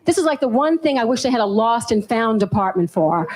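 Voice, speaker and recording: A woman's voice: on the high side, animated, a little fast, darkish tone, rough recording. A woman from New Orleans with a Southern accent, performing a stand-up comedy set on a club stage with a handheld mic, punchy and laughing at her own lines. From New Orleans, USA.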